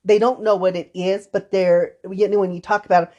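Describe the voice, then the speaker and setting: A woman's voice: mid-range voice, little pitch movement, a little fast, a little mellow, lo-fi sound. A woman co-hosting a podcast conversation, a counselor who talks casually and acts out short quotes from her clients. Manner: conversational, tells anecdotes with acted-out quotes. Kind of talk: casual chat.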